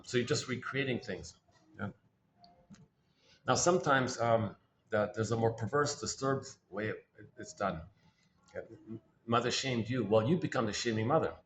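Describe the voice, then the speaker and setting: A man's voice: mid-range voice, a little hiss or hum. A man giving a rambling spoken talk on psychoanalytic ideas, repeating himself, restarting phrases and correcting himself as he thinks aloud.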